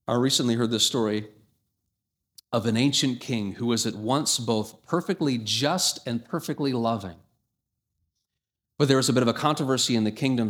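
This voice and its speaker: A man preaches a sermon with an emphatic delivery. His voice sits at an ordinary male pitch and climbs higher and louder when he reads scripture aloud.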